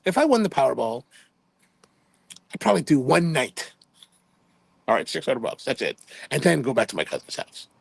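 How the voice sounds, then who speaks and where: A man's voice: mid-range voice, sing-song, normal speed, creaky, pauses often, husky, no echo. A man in his fifties from Hawaii, hosting a livestream and telling rambling, chatty anecdotes in which he quotes himself playfully. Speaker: livestream host. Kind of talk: casual livestream storytelling.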